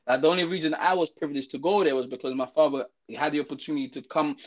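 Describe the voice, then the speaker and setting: A young man from Zimbabwe, telling a story in casual chat, slangy and animated, full of fillers and restarts. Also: on the high side, very fast. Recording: dull lo-fi audio.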